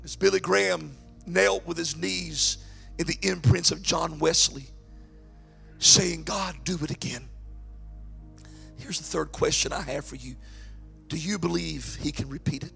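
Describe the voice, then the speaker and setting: A man preaching with a high, gravelly, husky voice that has a bright, forceful edge. He drops to near whispers and then builds to shouted, stretched-out lines. Soft music plays behind him. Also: steady tone, measured pace. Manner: swings from hushed to shouted preaching. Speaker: pastor. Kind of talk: sermon.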